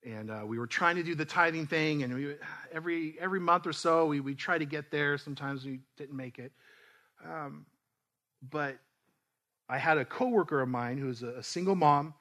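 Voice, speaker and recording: Bright-voiced man preaching a story sermon. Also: on the high side, normal speed. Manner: conversational, animated storytelling with restarts. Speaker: pastor. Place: church.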